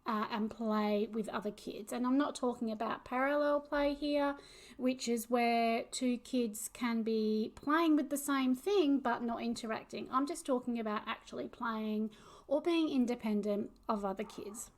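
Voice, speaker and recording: A woman's voice: a little high, unhurried. A woman in her forties talking casually to camera as a parent, unscripted and hesitant, with many fillers. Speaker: vlogger and parent of autistic children.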